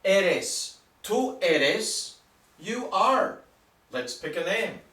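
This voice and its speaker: Slow patient guy teaching a class, bright voice, echoey room, mic kinda far off. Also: high-pitched, very animated. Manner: patient, deliberate, spells out words. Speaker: Spanish teacher. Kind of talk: slow language lesson.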